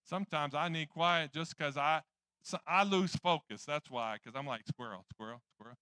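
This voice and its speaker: A man's voice: a little high, animated, moderate pace, bright, forceful tone, clear, resonant tone, no echo. A man preaching a sermon in church, rambling and joking at his own expense. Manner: rambling, joking, self-deprecating.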